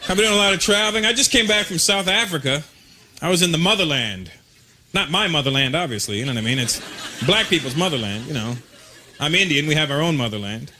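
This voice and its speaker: A man from Canada performing a stand-up comedy routine, telling stories in an animated, punchy way with frequent asides. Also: fairly high pitch, fast talker. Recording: loud noise, live club with crowd laughter.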